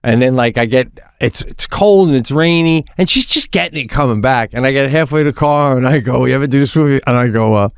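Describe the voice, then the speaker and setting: A man's voice: mid-range voice, brisk, few pauses, clean tone, no echo, studio quality. A middle-aged man co-hosting a podcast, laughing often and acting out conversations in a casual chat. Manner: laughing, animated, acts out conversations. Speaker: podcast co-host.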